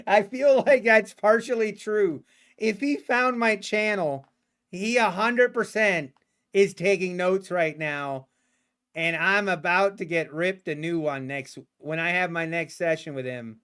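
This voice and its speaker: A man with a high-pitched voice talks slowly and loosely through a live trading stream. He teases the market in a sarcastic, playful tone and breaks into laughs often. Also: a bit bright, smooth. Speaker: day trader streaming live. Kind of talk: casual livestream commentary.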